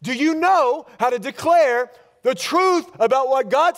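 Pastor, male, high-pitched, preaching in a church, fervent then hushed. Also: animated. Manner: emphatic preaching, rapid-fire declarations with rising intensity. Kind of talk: sermon.

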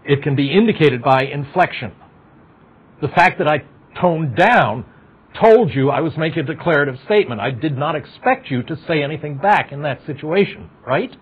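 Expressive and husky, a middle-aged man's slightly high voice moves at normal speed as he lectures on psychology at a university. He chats with the class, asks them questions, and makes wry asides. The lecture hall audio is dull and lo-fi.

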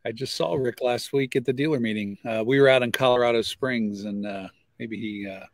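A man's voice: mid-range voice, brisk, no room sound. Friendly male guest, dry close sound. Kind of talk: casual chat.

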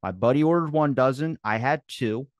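A man in his twenties, an animated podcast guest who swears freely and tells rambling stories in a casual chat. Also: medium pitch, moderate pace, no room sound.

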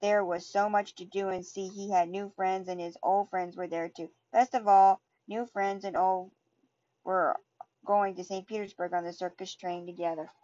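Woman storyteller reading aloud with many restarts, average pitch, dull lo-fi recording. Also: fairly even intonation, moderate pace, dark tone.

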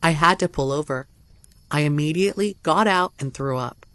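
A man's voice: on the high side, moderate pace, fairly bright tone, no echo. A man reading a first-person horror story aloud as a narrator, tense and dramatic.

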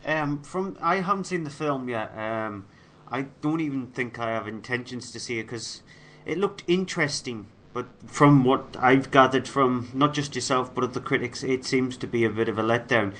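A man co-hosting a film review show, presenting reviews in a casual, measured way with fillers. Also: medium pitch, fairly bright tone, slight background noise.

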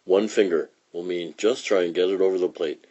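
A man's voice: deep voice, brisk, dark tone, breathy edge, dull audio. A man voicing a serious young boy from a comic strip, in a matter-of-fact way. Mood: dry.

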